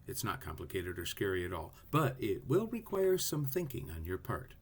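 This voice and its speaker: A man's voice: low-pitched, normal speed, hardly any pauses, slight background noise. A man teaching a class video, explaining poetic rhythm in a playful way and sounding out beats. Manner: lively, playful teaching voice with sung-out rhythm syllables.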